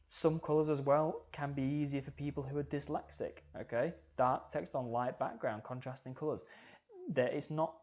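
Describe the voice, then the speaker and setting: A man teaching a media studies lesson over slides, talking straight to his students and saying "okay" again and again. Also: medium pitch. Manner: relaxed, says "okay" often, talks to students directly. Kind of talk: recorded slide lecture. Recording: slightly dull lo-fi audio.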